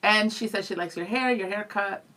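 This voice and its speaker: A woman's voice: medium pitch, bright, forceful tone. A woman co-hosting a radio show in the studio, reading listener comments aloud with a bubbly, teasing manner. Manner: bubbly, laughing, quick to tease.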